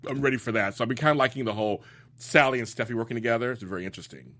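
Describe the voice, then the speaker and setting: A man's voice: medium pitch, rapid-fire, a bit bright. A man co-hosting a casual talk show aftershow, chatty and laughing often. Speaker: co-host. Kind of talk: casual chat.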